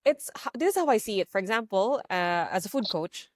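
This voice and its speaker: A woman co-hosting a podcast in casual chat, speaking in a calm, measured way. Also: mid-range voice, no echo, clean studio sound. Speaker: podcast co-host.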